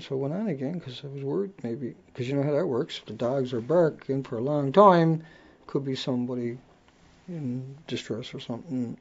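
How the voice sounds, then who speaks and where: Man, accented, livestream host, blunt rant, gravelly voice, muffled lo-fi sound. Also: mid-range voice, a little mellow. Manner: blunt, ranting, swears freely. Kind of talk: casual live-stream rant. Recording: dull lo-fi audio.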